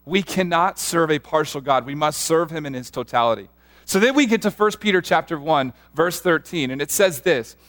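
A man preaching a sermon as a pastor, earnest and animated, often restarting his sentences as he tells stories. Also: a little high, moderate pace.

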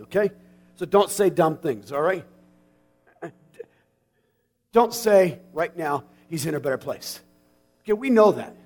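Pastor, male, 40s, high-pitched, folksy sermon delivery that swings from hushed to shouting. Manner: swings from quiet and intimate to shouting with passion; folksy, plain-spoken.

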